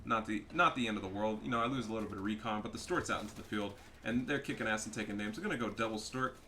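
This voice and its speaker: Brief: male gameplay commentator, bright tense voice, excitable and profane, slight background noise. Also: fairly low pitch, rapid-fire. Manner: excitable, profane, gets loud at big moments. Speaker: gaming commentator.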